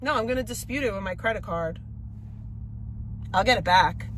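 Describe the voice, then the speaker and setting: A woman's voice: mid-range voice, moderate pace, slight background noise. A woman livestreaming, venting in exasperated, profane bursts while arguing on a phone call. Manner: exasperated, profane, repeats herself.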